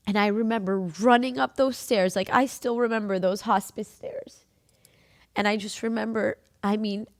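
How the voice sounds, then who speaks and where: A woman's voice: mid-range voice, no echo. Young woman podcast host, candid and emotional storyteller, casual fillers, dry close sound. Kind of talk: personal storytelling.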